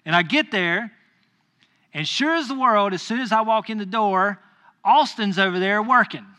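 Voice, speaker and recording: A man's voice: sits high, normal speed. A man in his thirties, a pastor, telling a personal story in a sermon and acting out his own angry lines. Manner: animated, acts out his own anger in quoted lines.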